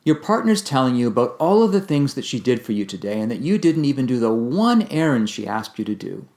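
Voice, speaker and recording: A man giving a calm, measured instructional talk on communication, explaining ideas step by step. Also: mid-range voice. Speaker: communication teacher.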